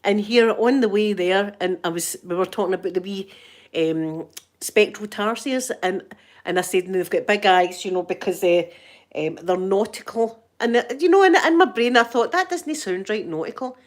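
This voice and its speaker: A woman with a Scottish accent, who hosts an ASMR channel, chats casually and tells funny stories packed with local slang. She's giggly and pokes fun at herself, speaking at medium pitch and a moderate pace with an expressive delivery.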